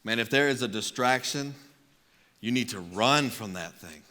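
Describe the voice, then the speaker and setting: A man preaching a sermon, telling a comic personal story in an animated way with acted-out quotes, in a large church auditorium. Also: medium pitch, normal speed. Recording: long hall reverb.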